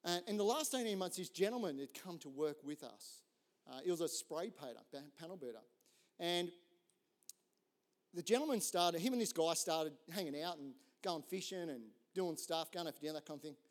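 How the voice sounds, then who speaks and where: A man, a pastor telling a story in a relaxed, conversational sermon and joking with the audience. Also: a little high, a little fast. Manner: relaxed, chatty, jokes with the audience.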